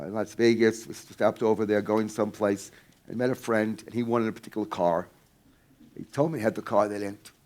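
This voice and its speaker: Intense man telling a story, loud to hushed. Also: lowish voice. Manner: intense, swings from loud to hushed, swears casually. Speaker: speaker teaching a workshop. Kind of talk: storytelling talk to a live audience.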